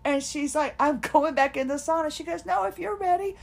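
A woman hosting a podcast recounts a personal story, chatting and laughing as she animatedly quotes other people. She sounds tired and finds it hard to talk. Her voice is high-pitched, brisk and creaky.

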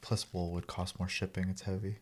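A man's voice: low-pitched, level tone, a little fast. A man co-hosting a casual gaming podcast, speaking bluntly with some sarcasm and frequent restarts. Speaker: podcast co-host.

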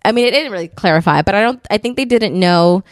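A woman's voice: medium pitch, expressive, fast, no room sound, clean studio sound. A woman co-hosting a casual podcast, reading stories aloud and chatting about them. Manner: laughs often, reads then comments.

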